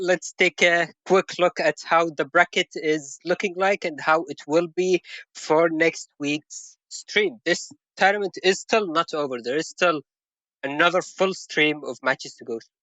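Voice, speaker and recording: A man's voice: on the high side, a little slow, bright, forceful tone, dry recording. A man hosting a game tournament stream and explaining his own match, laughing often as he talks. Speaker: tournament player and stream host. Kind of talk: casual esports commentary.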